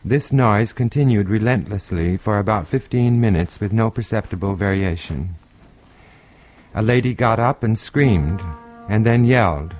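A man telling a short anecdote about teaching a class, in a dry, unhurried way. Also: fairly low pitch, dry recording, faint music behind, poor audio. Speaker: storyteller. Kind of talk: anecdote told aloud. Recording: loud background noise.

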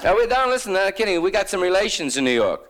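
A man's voice: high-pitched, big pitch swings, fast, fairly bright tone, a faint crowd, pitched above the performer's own voice. A comedian putting on the voice of a friendly, lonesome older man from a small town who talks in a coaxing, hospitable way. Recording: noisy old live recording with clicks.

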